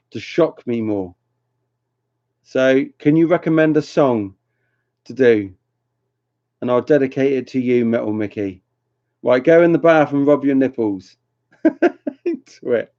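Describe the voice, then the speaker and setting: A man's voice: medium pitch, measured pace, long pauses, warm tone. A man hosting a casual livestream, rambling and chatty as he reads comments and teases viewers, often laughing. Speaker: livestream host reading chat. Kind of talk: casual live chat with viewers. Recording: dull lo-fi home stream audio.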